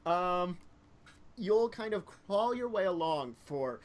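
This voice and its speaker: Brief: male game master, rambling narration full of fillers, a bit high voice. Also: animated, takes it slowly. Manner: rambling, lots of fillers and self-corrections.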